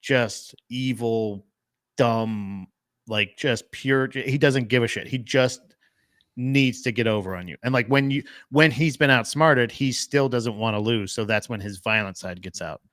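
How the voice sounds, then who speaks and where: A man's voice: mid-range voice, measured pace, a bit bright, no room sound. A man chatting casually about movies as a podcast co-host, rambling with lots of fillers and swearing.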